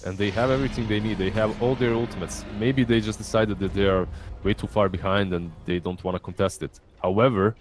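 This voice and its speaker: A man's voice: fairly low pitch, fairly even intonation, fairly quick, a little hiss or hum. A man giving color commentary on an esports match, often stumbling and repeating words as he starts a thought. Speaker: esports analyst.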